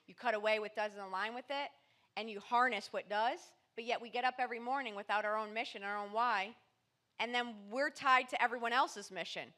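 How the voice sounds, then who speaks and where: A woman's voice: fairly high pitch, brisk, pushed and bright. A woman mindset coach and motivational speaker in a podcast interview, talking in an emphatic, punchy motivational way.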